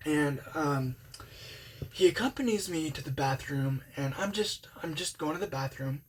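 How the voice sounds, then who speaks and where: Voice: medium pitch, lively intonation, moderate pace, breathy edge. A young adult telling a personal story in a rambling, casual way, full of "um" and "like". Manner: rambling, filler-heavy, talks with hands-off candor.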